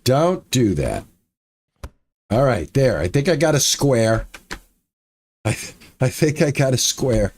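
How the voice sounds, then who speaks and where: A man's voice: mid-range voice, big pitch swings, slow pace, long pauses, a little mellow. A man streaming a building game, talking to his viewers and himself, muttering and repeating lines when things go wrong. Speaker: gaming streamer. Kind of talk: casual let's-play commentary.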